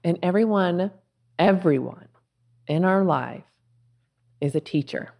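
A woman's voice: fairly low pitch, expressive, takes it slowly, creaky, darkish tone. A woman guest in a conversation, giving earnest spiritual advice in short reflective phrases. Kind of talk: casual conversation.

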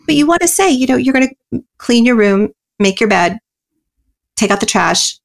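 A woman guest in an interview, explaining parenting ideas earnestly and often pausing with "you know" and "um". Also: fairly high pitch, sing-song, vocal fry. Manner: earnest and explanatory, many you-knows and ums. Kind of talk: interview answers.

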